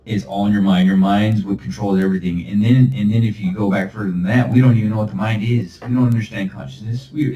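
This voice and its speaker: A man's voice: fairly low pitch, warm tone, slight background noise. A man hosting a solo podcast monologue. He talks in a rambling, emphatic, preachy way and chuckles now and then. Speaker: podcast host. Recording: roomy, far from the mic.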